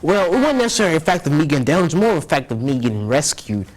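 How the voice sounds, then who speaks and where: A man's voice: fairly high pitch, sing-song, racing. Rambling earnest young man. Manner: rambling, earnest, repeats himself. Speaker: guest. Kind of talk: casual storytelling interview.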